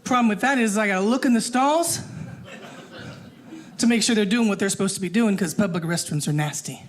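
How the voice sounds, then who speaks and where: A woman performing a stand-up comedy set on stage, animated and acting out the people in her stories. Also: mid-range voice, brisk. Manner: animated, acts out voices. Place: stage before a live audience. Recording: noisy live comedy room.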